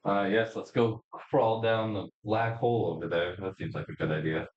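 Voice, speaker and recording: A man's voice: fairly low pitch, steady tone, moderate pace, reverberant, highs cut off. A man playing a tabletop game who makes dry, teasing remarks. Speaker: player. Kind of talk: casual tabletop play.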